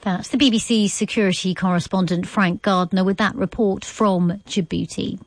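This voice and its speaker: Woman news presenter, crisp formal read, dry studio sound. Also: mid-range voice, fairly even intonation, normal speed, dry recording. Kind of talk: live radio news presenting. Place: radio studio.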